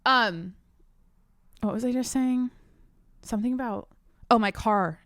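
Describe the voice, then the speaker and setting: A woman's voice: on the high side, measured pace, dry recording. A young woman hosting her own podcast from a home desk studio, ranting casually with lots of swearing and restarts. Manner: animated, profane venting with frequent restarts. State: slightly out of breath. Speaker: podcast host. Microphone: desk microphone.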